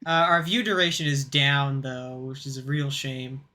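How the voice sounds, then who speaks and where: A young woman co-hosting a casual podcast chat, talking in a halting way with many restarts. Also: very deep voice, steady tone, bright, forceful tone. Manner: halting, with frequent restarts and stumbles. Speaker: podcast co-host and editor.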